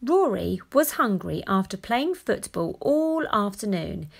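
A woman reading a children's picture book aloud, gently and expressively. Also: medium pitch, big pitch swings, takes it slowly, creaky, hardly any pauses. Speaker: storyteller.

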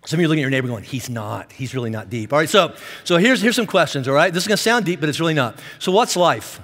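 A man preaching a sermon as a pastor, animated and self-deprecating, joking with the congregation. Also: a little high, rapid-fire, in a large hall. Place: large church auditorium.

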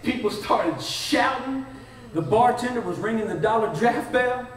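A man's voice: extremely high pitch, lively intonation, unhurried. A man, a guest speaker telling a comic story in a church sermon and acting out the dialogue with animation. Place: church sanctuary. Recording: echoey church hall, distant, noisy.

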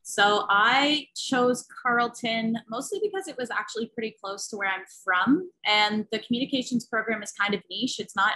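A young woman speaks over a video call with a bright, lively tone. She is upbeat and enthusiastic, and sounds like a student giving a casual welcome talk. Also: on the high side, moderate pace, few pauses, a little hiss or hum, rough recording. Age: young adult. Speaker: student ambassador.

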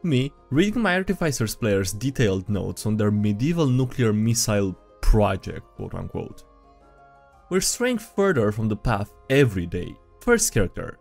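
A man's voice: fairly low pitch, sing-song, moderate pace, gravelly, faint music behind. A man hosting a video, reading and reacting to tabletop game memes in playful, casual commentary and laughing often.

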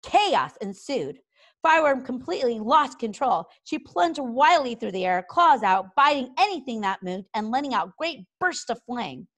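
A woman reading a children's book aloud with expressive narration. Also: fairly high pitch, moderate pace. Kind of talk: storybook read-aloud.

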